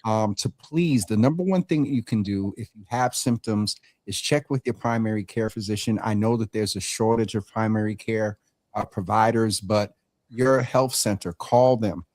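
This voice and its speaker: Male host, folksy and animated, stammers through restarts, dry close sound. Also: on the low side, moderate pace, dry recording. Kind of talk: casual health talk show.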